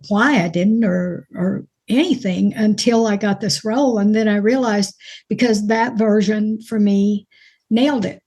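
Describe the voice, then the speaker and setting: A woman from Alabama with a mild Alabama accent, chatting as an actress guest in an interview, folksy and quick to laugh. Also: a little high, darkish tone. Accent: mild Alabama Southern. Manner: folksy, chatty storyteller who laughs easily. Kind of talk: casual interview chat.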